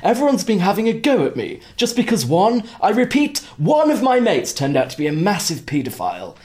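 A man's voice: medium pitch, animated, slow pace. A man doing a comic impression of a pompous, self-pitying posh middle-aged royal man. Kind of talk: comedic impression.

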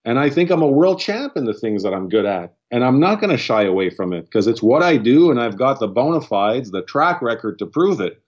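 A man's voice: medium pitch, very animated, a little fast, hardly any pauses. Guy talking casually, swears a lot, trips over his words, mid voice, kinda muffled audio. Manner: blunt, profane, restarts sentences a lot. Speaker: podcast guest. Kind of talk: casual chat.

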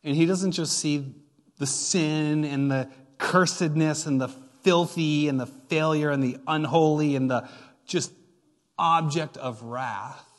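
A man's voice: on the high side, a little slow. A man preaching a sermon as pastor, retelling a story with playful asides and emphatic build-ups. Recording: long hall reverb.

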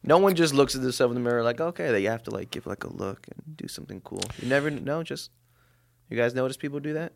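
Male co-host, mid-pitched, easygoing and rambly, filler-heavy speech. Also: lively intonation, fast talker, gravelly. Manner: loose and rambling, lots of "like". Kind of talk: casual podcast banter.

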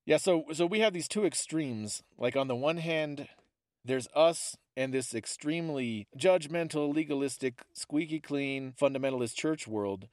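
A man co-hosting a podcast, telling animated stories and laughing often. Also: a little high, moderate pace, no echo, studio quality. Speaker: podcast co-host. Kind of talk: casual storytelling chat.

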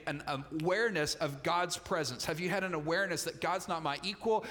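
A man's voice: fairly high pitch, bright, forceful tone, in a large hall. A man preaching a sermon in a conversational style, with humorous asides, in a church. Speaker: pastor. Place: church sanctuary.

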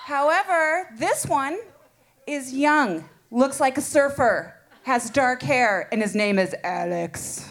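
A woman telling a comic personal story live to an audience, animated and playful, laughing as she goes. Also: high voice, slow pace, a little hiss or hum.

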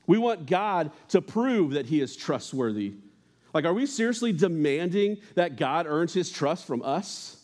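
A man's voice: a little high, sing-song, measured pace, darkish tone. A young man preaching a casual sermon in a church, telling stories and making joking asides to the congregation. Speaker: pastor.

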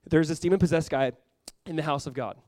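Fast-talking earnest male preacher. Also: a little high, a little mellow, dry recording. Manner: earnest and conversational, acting out quoted reactions. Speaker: pastor. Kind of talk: sermon.

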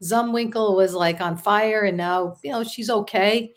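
A woman's voice: mid-range voice, a little slow. A woman co-hosting casual sports talk. She is chatty, laughs easily and thinks aloud with many fillers.

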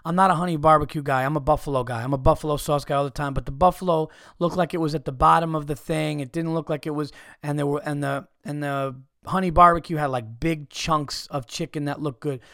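A man's voice: fairly high pitch, fairly even intonation, fast, hardly any pauses, bright, forceful tone, no room sound, clean studio sound. A man hosting a podcast, telling a comic story in an exasperated, profane, mocking way. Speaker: podcast host.

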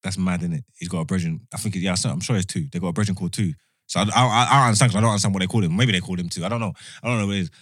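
Young man, low quick voice, loose slangy chat. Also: fairly bright tone, no room sound, clean studio sound. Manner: slangy, laughing, rambling. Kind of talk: casual banter.

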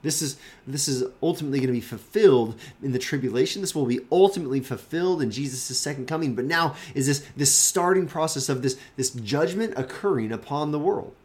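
Earnest pastor, animated. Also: male voice, mid-range voice, a little fast, few pauses. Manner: earnest, emphatic, conversational with repeated restarts. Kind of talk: daily devotional Bible teaching.

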